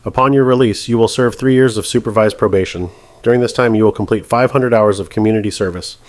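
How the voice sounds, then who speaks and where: A man voicing a stern judge who speaks in a calm, measured, precise way. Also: on the low side, close to an everyday voice. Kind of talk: scripted narration.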